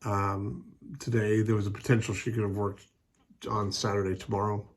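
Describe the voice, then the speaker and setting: A man's voice: fairly low pitch, flat delivery, normal speed, slight background noise. A man talking casually in a personal vlog at home, rambling and hesitant, with many fillers and restarts. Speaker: vlogger.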